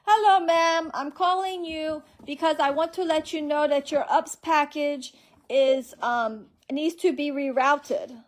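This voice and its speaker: A woman imitating a fake-polite male phone scammer, pitched high and loud. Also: slow.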